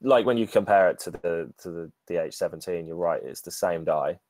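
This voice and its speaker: A man's voice: deep voice, brisk, darkish tone. A man co-hosting a podcast, rambling and correcting himself as he chats about a card game. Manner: rambling, self-correcting, laughing. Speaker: podcast co-host. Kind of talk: casual card-game discussion.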